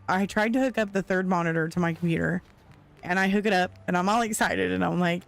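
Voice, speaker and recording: A woman streamer chatting casually with her viewers while gaming, retelling a story in an animated way with frequent laughs. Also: fairly low pitch, quick pace, vocal fry.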